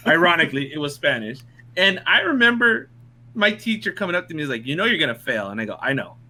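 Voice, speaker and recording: A man's voice: fairly high pitch, big pitch swings, moderate pace, long pauses, sharp tone. A young man casually telling funny stories to friends, laughing often and swearing freely. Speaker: podcast co-host. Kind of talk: casual storytelling among friends.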